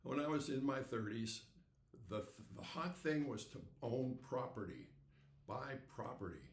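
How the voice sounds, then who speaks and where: A man in his eighties hosting a podcast, telling stories in a folksy, unhurried way and acting out the dialogue. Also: medium pitch, gravelly, roomy sound. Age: 80s. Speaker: podcast host. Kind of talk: storytelling monologue.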